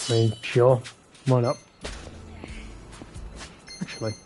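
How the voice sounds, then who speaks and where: A man's voice: mid-range voice, flat delivery, slow pace, darkish tone. Sweary man streaming a game. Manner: sweary, bickering banter with chat. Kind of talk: casual live game commentary. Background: game music.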